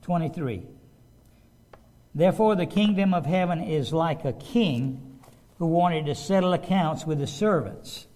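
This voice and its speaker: A man's voice: on the high side, animated, a little slow, darkish tone. A man preaching a sermon, reading scripture aloud and stopping to ask his listeners emphatic rhetorical questions. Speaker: pastor.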